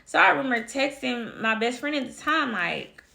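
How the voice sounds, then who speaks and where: A woman's voice: sits high, expressive, normal speed, gravelly, bright, forceful tone. A woman casually telling a personal story to her viewers, chatty and talking to them directly as y'all. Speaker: vlogger.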